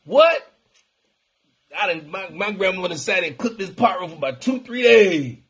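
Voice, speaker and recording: A man hosting a casual motivational live stream in a preachy, animated, colloquial way. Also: high voice, fairly quick, slightly rough. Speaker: wellness talk host.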